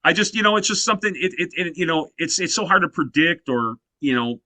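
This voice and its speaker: Animated storytelling man in his fifties. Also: a little high, fairly quick, no room sound. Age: 50s. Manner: animated storyteller, heavy use of "you know" fillers. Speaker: guest musician. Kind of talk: casual interview chat.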